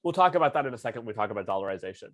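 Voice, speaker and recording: A man's voice: on the low side, lively intonation, very fast, no room sound. A man teaching a casual lecture as debate coach, informal and full of fillers, with slangy asides.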